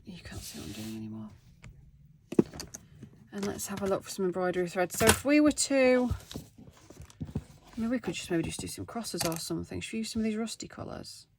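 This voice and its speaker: A craft vlogger in her thirties chats casually and self-deprecatingly with viewers while working on a craft project at home. Her mid-range voice moves fairly quickly over a noisy background.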